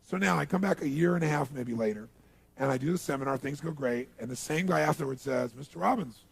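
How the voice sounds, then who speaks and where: A middle-aged man giving a motivational seminar talk, telling stories in an animated way and asking the audience questions. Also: mid-range voice, quick pace. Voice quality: gravelly, husky voice. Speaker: motivational speaker.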